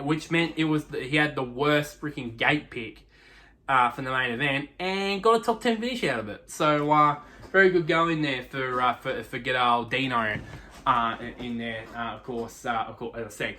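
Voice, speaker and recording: A man's voice: medium pitch, pushed and bright. A young man giving a casual, rambling race recap full of restarts and fillers. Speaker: motorsport review host.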